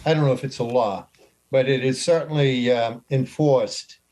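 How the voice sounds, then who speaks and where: A man's voice: medium pitch, steady tone, normal speed, darkish tone. A man on a podcast panel, adding wry, opinionated asides in casual chat.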